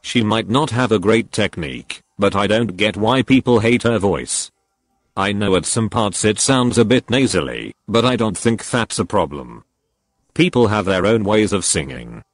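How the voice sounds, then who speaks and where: A male text-to-speech voice reading and reacting to fan confessions, with an emotionless, flat manner. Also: fairly low pitch, normal speed, dry recording. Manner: emotionless, flat synthetic delivery.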